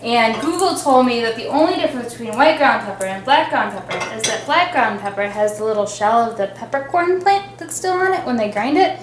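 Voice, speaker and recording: A woman's voice: fairly high pitch, animated, a little fast, hardly any pauses. A young woman co-hosting a home cooking show, chatting casually and laughing often while she cooks. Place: home kitchen. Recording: echoey kitchen with clear noise.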